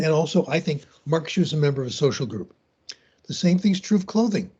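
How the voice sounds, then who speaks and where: An older man giving a guest lecture, telling anecdotes in a conversational, unhurried way over a video call. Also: fairly high pitch, dark tone, husky, lo-fi sound.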